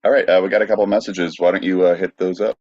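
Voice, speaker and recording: A man's voice: deep voice, fairly even intonation, fast talker, a little mellow, dry recording. A man co-hosting a live podcast, dropping in laid-back, chuckling remarks. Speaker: podcast co-host. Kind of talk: casual live-stream banter. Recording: dull lo-fi sound.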